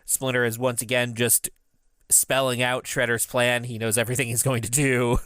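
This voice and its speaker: A man's voice: medium pitch, flat delivery, normal speed, a bit bright, smooth, no echo. Man, 30s, podcast co-host, laughing recap, dry close sound. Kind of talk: casual recap chat.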